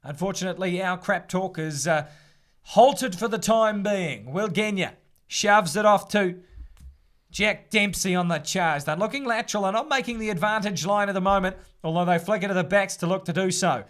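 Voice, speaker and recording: A man doing casual live play-by-play rugby commentary, brisk and chatty. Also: sits high, fairly bright tone. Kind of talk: live fan sports commentary.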